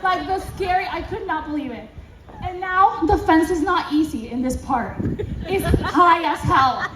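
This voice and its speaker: A woman vlogger casually telling an animated story to camera, acting out dialogue and laughing often. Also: extremely high pitch, measured pace, recorded from a distance, a faint crowd, a little hiss or hum. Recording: roomy echo, away from the mic.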